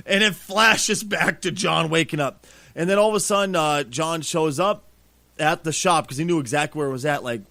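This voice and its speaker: A man co-hosting a casual podcast, telling stories bluntly with lots of swearing and sudden excited outbursts. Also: fairly high pitch, moderate pace, no echo. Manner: blunt, profane, excitable storyteller. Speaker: podcast co-host.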